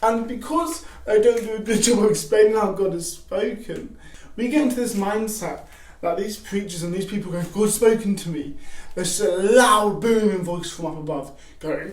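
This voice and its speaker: Young guy talking about faith, high voice, lively, echoey garage from a bit far off. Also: normal speed. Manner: animated, acts out excited quotes with shouts. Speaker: youth vlogger giving faith advice. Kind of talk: casual devotional talk to camera.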